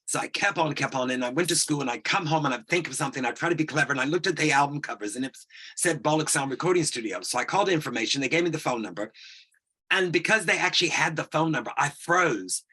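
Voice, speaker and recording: A man in his sixties, a guest telling a long personal story, animated and acting out the voices in it. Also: fairly high pitch, fast talker, slightly rough. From United States. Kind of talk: anecdotal storytelling.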